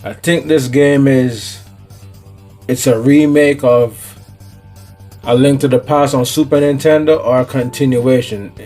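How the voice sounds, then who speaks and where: A man's voice: medium pitch, fairly even intonation, unhurried, warm tone, soft background music. A man with a Jamaican accent, chatting casually as host of his own gaming vlog in a laid-back, slangy way. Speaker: gaming YouTuber.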